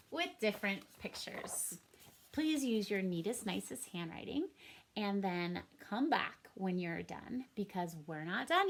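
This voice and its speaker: A woman teaching a first grade reading lesson for a home recording, upbeat and encouraging in a sing-song teacher manner. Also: medium pitch.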